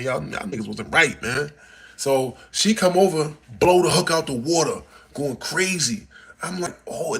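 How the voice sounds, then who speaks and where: Animated man telling stories on a livestream. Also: slightly rough. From Texas. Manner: animated, swings between mumbling low and loud excited bursts. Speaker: livestream host. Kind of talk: casual storytelling livestream. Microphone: phone.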